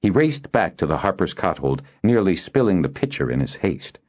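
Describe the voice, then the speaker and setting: A man reading an audiobook aloud as narrator, in a steady storytelling delivery. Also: low-pitched, normal speed, highs cut off. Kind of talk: scripted narration.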